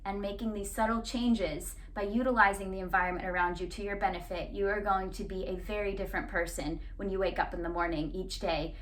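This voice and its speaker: A woman's voice: medium pitch, recorded from a distance. A woman health coach giving an earnest, explanatory wellness talk that promotes her program. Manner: earnest, explanatory, repeats "and now".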